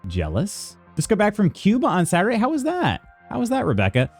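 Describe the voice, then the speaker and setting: Lively chatty male streamer. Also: high voice, a little fast, soft background music. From United States. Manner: chatty, greets viewers by name, reads chat aloud. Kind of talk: casual chat with live chat.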